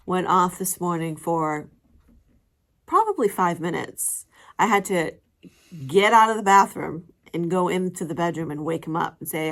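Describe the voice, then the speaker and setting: A woman's voice: on the low side, normal speed. A middle-aged woman chatting casually to camera as a vlogger, rambling with fillers and laughing often.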